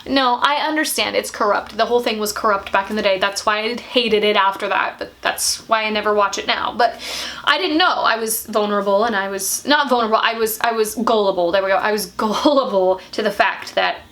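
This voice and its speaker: A woman vlogger telling a story in a casual, animated way, full of "like"s and talking straight to her viewers. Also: medium pitch, fairly quick. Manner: animated and chatty, many "like"s.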